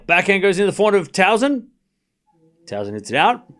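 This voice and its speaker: A man's voice: fairly high pitch, very animated, a bit bright. A man hosting a live tennis watchalong, calling the score and chatting casually with his viewers. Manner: chatty, talks straight to his live chat, with quick asides and restarts.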